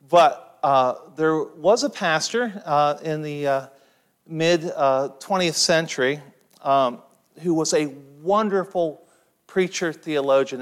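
Slow, emphatic male preacher. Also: fairly high pitch, clear, resonant tone. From eastern Ohio, USA. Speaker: pastor. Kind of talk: sermon.

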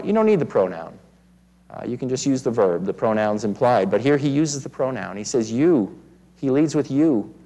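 Earnest male preacher, mid-pitched voice. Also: darkish tone, rough recording. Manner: earnest, frequent word repetitions and restarts. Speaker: pastor. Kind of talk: expository sermon.

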